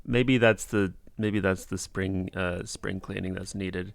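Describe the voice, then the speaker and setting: A man's voice: sits low, steady tone, a little slow, gravelly, no room sound, clean studio sound. A young man hosting a casual livestream podcast, rambling and laughing often. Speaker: podcast host.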